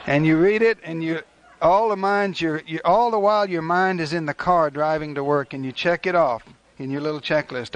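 A man's voice: on the high side, fairly quick. An older man preaching a sermon in a folksy, conversational way, acting out little asides. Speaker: pastor.

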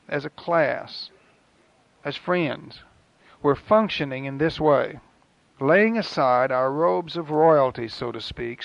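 Gravelly earnest male preacher, lo-fi. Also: fairly high pitch, dry recording. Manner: earnest, rhythmic preaching with dramatic pauses. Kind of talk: sermon. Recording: dull, lo-fi dry recording.

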